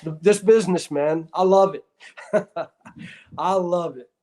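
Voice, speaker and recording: A man's voice: sits high, measured pace, dark tone. An older man, a guest and former referee, casually telling stories in an easygoing way with frequent chuckles. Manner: easygoing, chuckling, peppers talk with "man" and "dude". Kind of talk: casual storytelling.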